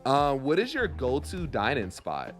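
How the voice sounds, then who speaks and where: A man's voice: mid-range voice, measured pace, faint music behind. A man hosting a podcast, chatting casually and rambling as he searches his memory. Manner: relaxed, rambling, trails off searching for names. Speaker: podcast host. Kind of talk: casual chat.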